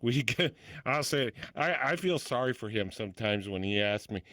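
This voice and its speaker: A man's voice: lowish voice, expressive, normal speed, a bit bright, no room sound, clean studio sound. An older man co-hosting a podcast, chatting bluntly and telling stories, with casual swearing. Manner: blunt, swears freely, storytelling.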